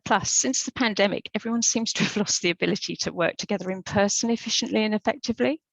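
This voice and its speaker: A woman's voice: mid-range voice, quick pace, vocal fry, dry recording, low-quality recording. A woman giving an informal, chatty presentation in an online webinar over a video call microphone. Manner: informal, chatty, with fillers and restarts.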